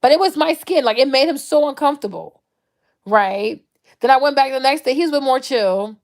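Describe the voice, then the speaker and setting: A woman from the Ivory Coast talking casually to camera, animated and often dropping into mocking impressions. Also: high-pitched, fairly quick. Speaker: vlogger.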